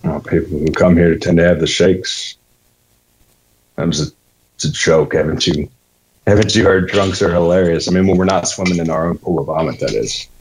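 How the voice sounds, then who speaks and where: A wry male recovering alcoholic with a Southern drawl, as a man reads him in a script read-through. His voice sits very low, and his jokes come out offhand. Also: steady tone, normal speed, background noise. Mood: teasing. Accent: American Southern.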